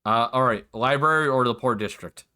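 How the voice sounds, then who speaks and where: A man's voice: medium pitch, brisk, a crowd in the background. A man narrating casually as game master of a tabletop game, with many fillers.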